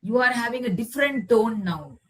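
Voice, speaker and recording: A woman leading a guided healing meditation over a video call, speaking slowly and gently in repeated affirmations. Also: a little high, lively intonation, poor audio. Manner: slow, gentle, repetitive affirmations. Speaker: healer leading a guided session.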